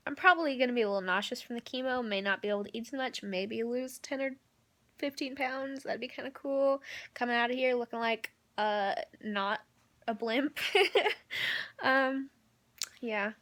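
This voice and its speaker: A woman's voice: on the high side, fairly bright tone. A young woman giving a candid, rambling personal video update from a hospital room, with lots of ums and likes. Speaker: vlogger.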